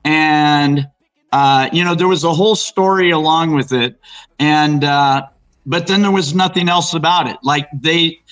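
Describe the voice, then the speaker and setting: A man with a slightly higher voice rambles through local ghost and cryptid tales, acting out the people he quotes. He stops and restarts often in a loose, conversational way. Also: a little slow, a bit bright, low-quality recording. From Arizona, raised in Los Angeles. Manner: rambling storyteller, restarts and fillers, acts out quotes. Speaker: guest. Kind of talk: casual chat about local hauntings.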